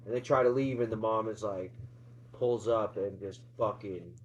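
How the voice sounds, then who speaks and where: A man retelling a horror film's plot in a casual, excited, swear-heavy chat, laughing as he goes. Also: fairly low pitch, moderate pace, slight background noise. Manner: excited, profane, laughing storyteller. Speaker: co-host, movie reviewer. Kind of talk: casual movie review chat. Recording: dull lo-fi sound.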